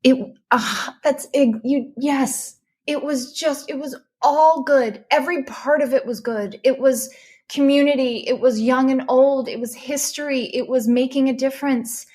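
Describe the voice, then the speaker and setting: Her voice is high and her pace measured as she tells a personal story on a podcast, speaking as a guest with animated emotion and often beginning sentences again.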